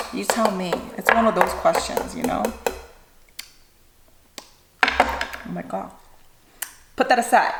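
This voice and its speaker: A woman's voice: a little high, roomy sound, very noisy. A woman chatting casually while making food at home for a mukbang vlog, rambling and joking to herself. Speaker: food vlogger. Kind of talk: casual mukbang cooking chat. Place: home kitchen.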